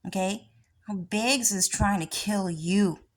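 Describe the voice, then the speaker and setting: A woman's voice: mid-range voice, slow. A woman vlogger talking in a rambling, casual monologue, often swearing.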